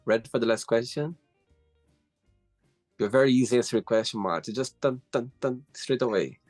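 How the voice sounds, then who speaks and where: A man's voice: mid-range voice, normal speed, a little mellow, no room sound, clean studio sound, soft background music. Host man with phrasing. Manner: brief, encouraging interjections with broken phrasing. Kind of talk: casual interview.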